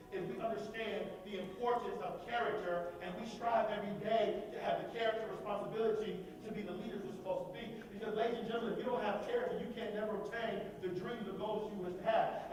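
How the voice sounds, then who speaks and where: A man giving a motivational leadership speech at a college event, preaching in a call-and-response style that has the audience repeat his words. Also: high-pitched. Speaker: motivational speaker. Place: large hall at a college event. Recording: echoey hall, distant mic.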